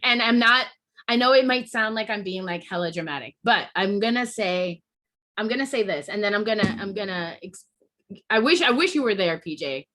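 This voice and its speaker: A woman's voice: medium pitch, expressive, normal speed, a bit bright. A woman hosting a podcast, venting in a heated, emotional rant full of swearing and restarts. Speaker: podcast host.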